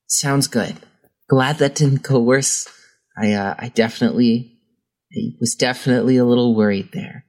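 A man playing a tabletop role-playing game, describing his character's actions in a relaxed, hesitant way. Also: medium pitch, moderate pace, rough recording. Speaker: player. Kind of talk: casual tabletop game play.

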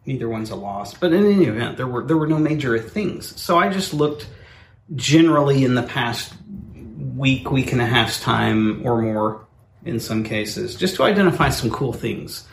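A man co-hosting a talk show, joking in a dry, deadpan way. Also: mid-range voice, normal speed, reverberant, a little hiss or hum. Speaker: co-host. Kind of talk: casual banter.

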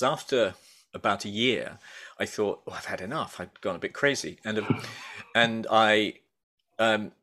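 A man's voice: on the low side, sharp tone. A middle-aged man talking as a guest in a casual interview, rambling and hesitant with many restarts and fillers. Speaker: guest, baker and food writer.

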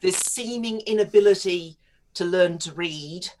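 A woman's voice: lowish voice, a little slow, darkish tone, slight background noise. A woman in her fifties, a guest writer on a radio talk show, chatting in a digressive way and laughing often.

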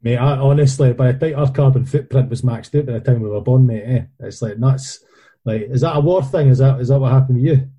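Scottish man, casual chat guest, rambling and sweary, very dark tone, husky. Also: mid-range voice, brisk. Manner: rambling, sweary, repeats words while searching for phrases. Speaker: guest, documentary maker.

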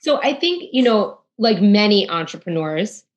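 A woman hosting an interview, speaking quickly and affirming her guest, often restarting her sentences. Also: medium pitch, very animated, highs cut off. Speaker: interviewer host. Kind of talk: conversational interview.

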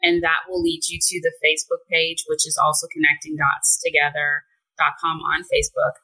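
A woman guest therapist speaking in a calm, measured way and laying out her tips one by one. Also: sits low, breathy edge, rough recording. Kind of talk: advice-giving interview talk.

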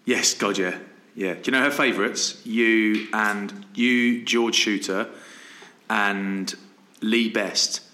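Bright-voiced man telling stories. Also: lowish voice, fairly even intonation, takes it slowly, echoey room. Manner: storytelling, laughs often, acts out quoted friends. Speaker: podcast co-host. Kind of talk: casual chat.

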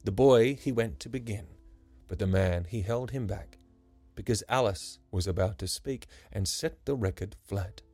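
A man narrating a rhyming story for his podcast, with a gentle, measured delivery. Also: lowish voice, no room sound. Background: soft music.

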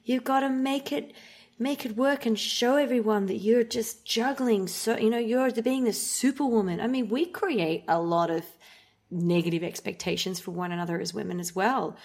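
Chatty host, woman with a higher voice, candid and self-deprecating. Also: normal speed, darkish tone. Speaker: podcast host. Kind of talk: conversational interview.

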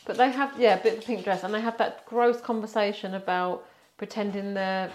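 Blunt woman in an echoey room. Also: medium pitch. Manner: lively and blunt, quick to mock. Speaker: podcast co-host. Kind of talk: casual film review chat. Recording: roomy echo.

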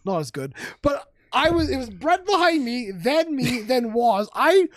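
A man's voice: very high voice, big pitch swings, unhurried, no echo, clean studio sound. Laid-back man in a joking podcast chat. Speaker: podcast co-host. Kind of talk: casual chat.

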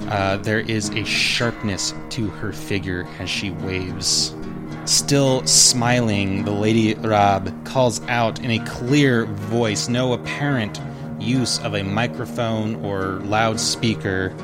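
A man narrating a tabletop game as game master, descriptive and unhurried, with frequent "uh" fillers. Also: fairly low pitch, steady tone. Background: background music.

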